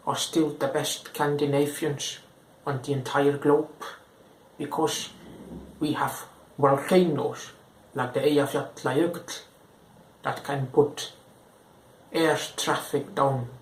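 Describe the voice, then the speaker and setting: A man's voice: on the high side, fairly even intonation, takes it slowly, pauses often, a bit bright, a little hiss or hum. A man doing a boastful Icelandic-accented man. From Belgium. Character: boastful Icelandic man, proud of his country. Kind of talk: comedic accent impression. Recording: roomy echo.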